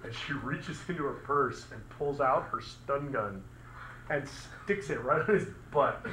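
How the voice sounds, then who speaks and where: A man lectures a physics class in a relaxed, talkative manner, throwing questions at the students and adding sound effects. His voice is on the high side and animated, at a normal speed. The classroom recording is echoey with heavy background noise.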